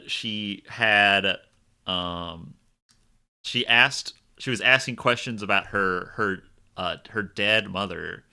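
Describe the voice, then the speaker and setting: A man narrating a tabletop game as game master, describing scenes in a halting, stop-start way. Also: fairly low pitch, pushed and bright, clear, resonant tone.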